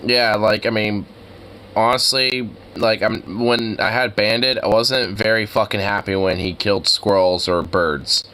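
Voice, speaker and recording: A man's voice: fairly low pitch, fairly even intonation, unhurried, sharp tone. A man co-hosting a casual reaction show, rambling and exasperated with lots of filler words. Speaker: co-host reacting to a video. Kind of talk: casual profane reaction commentary.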